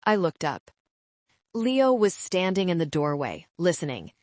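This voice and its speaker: A woman narrating a first-person story in a calm, measured, coldly resolved way. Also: lowish voice, dry recording.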